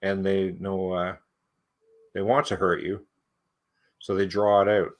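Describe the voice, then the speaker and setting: Laid-back low-voiced man. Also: little pitch movement, a little slow. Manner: laid-back, laughs often. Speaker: comic review host. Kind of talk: casual comic breakdown chat.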